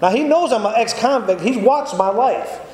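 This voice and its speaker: A man's voice: very high-pitched, lively intonation, moderate pace, darkish tone. A man giving an earnest, repetitive testimony sermon in a church. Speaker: lay preacher giving testimony. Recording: echoey church room, faint noise.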